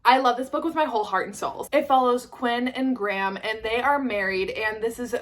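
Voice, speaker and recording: A woman's voice: a little high, fairly quick. A young woman in her twenties talking casually on a vlog, gushing and filling her sentences with "like". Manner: chatty and gushing, many "like" fillers. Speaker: book vlogger. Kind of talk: casual chat. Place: indoors at home.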